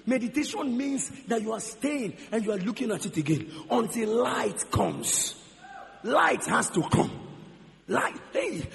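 A man with a Nigerian accent preaching a sermon as pastor, repeating phrases and swinging from shouting to quiet. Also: high-pitched, gravelly. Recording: long hall reverb.

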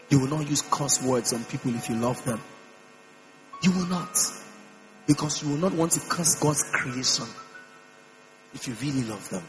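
A man preaching a sermon in a church, emphatic, repeating phrases and swinging his pitch up and down. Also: low-quality recording. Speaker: pastor. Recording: mains hum with faint music behind.

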